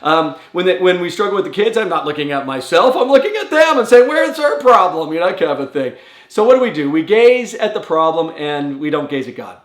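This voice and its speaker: Male pastor, earnest and conversational, slightly high voice, echoey room. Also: big pitch swings, fairly quick. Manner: earnest, conversational, acts out quoted prayers with rising pitch. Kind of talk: short devotional talk.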